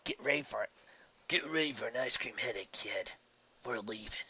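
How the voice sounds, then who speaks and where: A man voicing a steady teenage pilot who speaks in a low, dry, calm way, on a dull lo-fi recording. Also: normal speed, slight background noise.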